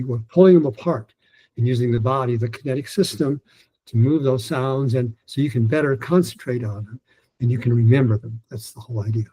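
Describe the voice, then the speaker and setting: Older male teacher, warm husky voice, patient step-by-step demos of stretched sounds. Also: mid-range voice, low-quality recording. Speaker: pronunciation teacher. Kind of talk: online lesson with demonstrations.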